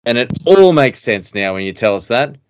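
A man's voice: mid-range voice, very animated, normal speed, slight background noise. A man hosting a fishing podcast, teasing his guest with jokes and long rambling setups. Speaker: podcast host. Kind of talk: casual podcast interview.

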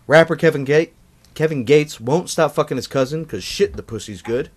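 A man's voice: on the high side, normal speed, breathy edge. A man hosting a comedy podcast, chatting loosely and crudely with his co-hosts. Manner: loose, profane, laughing. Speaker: podcast host.

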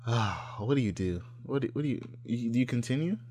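Man, crude casual chat, loud laughter, acts out quoted voices, mid-pitched. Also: expressive, fairly quick, no room sound. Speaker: co-host reacting to a clip.

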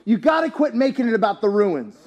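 A man preaching a sermon in a church, animated and joking, rising to shouts at his peaks. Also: very high-pitched, a little fast. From US, town near country. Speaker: pastor.

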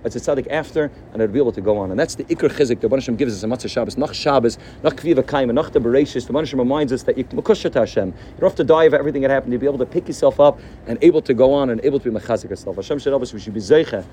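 A man giving a sermon as a rabbi, telling a story in an animated way and sprinkling his speech with Yiddish and Hebrew words. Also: mid-range voice, rapid-fire, hardly any pauses, a little hiss or hum.

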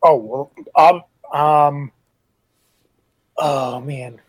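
A man's voice: fairly high pitch, steady tone, drawn-out words, no room sound. Eager playful man, dry close sound. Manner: playful, eager, in-character banter. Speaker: player. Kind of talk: casual tabletop game play.

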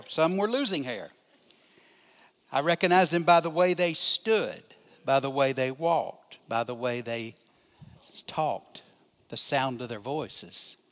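An older man, a pastor, teaching a Bible class in a conversational way, putting questions to his listeners and answering them. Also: high-pitched. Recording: long hall reverb.

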